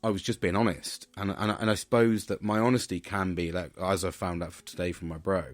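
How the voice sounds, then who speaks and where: A man's voice: low voice, steady tone, fairly quick, no room sound. A British man hosting a podcast alone, chatting casually in a rambling, sweary way with lots of restarts. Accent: British English. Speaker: podcast host. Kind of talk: casual solo monologue.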